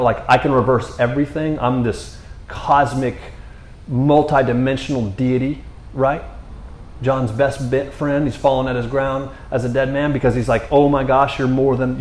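A man's voice: a little high, a little mellow, echoey room. A man preaching a passionate, conversational sermon from a church stage, often asking "you know what I mean?". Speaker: pastor. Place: church sanctuary.

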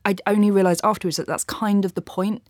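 A film reviewer in a casual discussion, chatty and animated, with frequent fillers. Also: mid-range voice, fast, no echo, studio quality.

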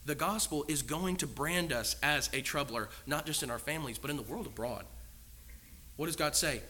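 Bright, emphatic male preacher. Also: fairly high pitch, normal speed, a little hiss or hum. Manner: earnest and emphatic, with many rhetorical questions. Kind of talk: sermon.

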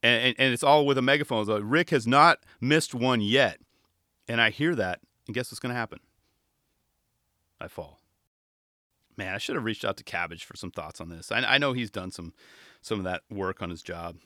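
A man's voice: fairly low pitch, normal speed, long pauses, bright, forceful tone, no echo, studio quality. A man talking casually about skateboarding commentary, laughing often and mimicking other commentators. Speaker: skateboarding podcast host and contest commentator. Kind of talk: casual monologue.

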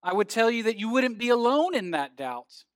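A man preaching as pastor, reading scripture in a measured, earnest way and telling a story, his phrase ends falling soft. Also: very high-pitched, big pitch swings, no echo, studio quality.

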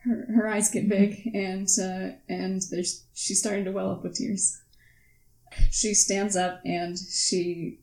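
A woman player describes what her character does in a tabletop game. She hesitates often and speaks slowly. Her voice carries some room echo. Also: mid-range voice, little pitch movement, warm tone. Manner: hesitant, with many fillers. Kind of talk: tabletop role-play narration.

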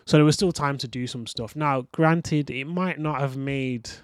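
A man's voice: mid-range voice, moderate pace, dry recording, studio quality. A young man hosting a motivational podcast monologue, earnest and reflective, talking straight to the listener. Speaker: podcast host.

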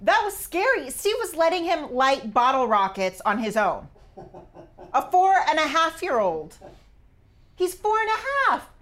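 A pregnant woman in her thirties co-hosts a casual podcast chat. She sounds emotional, laughs easily and pushes back fast. Her voice sits a bit high. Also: sing-song, a bit bright. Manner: emotional, laughing often, quick to push back. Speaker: podcast co-host.

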